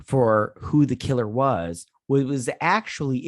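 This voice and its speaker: A man's voice: mid-range voice, lively intonation, unhurried, hardly any pauses, no room sound. Tipsy guy ranting on a movie podcast, swears a lot, dry close mic. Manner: rambling, swearing, trailing off. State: drunk. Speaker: podcast co-host. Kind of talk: casual movie-review chat.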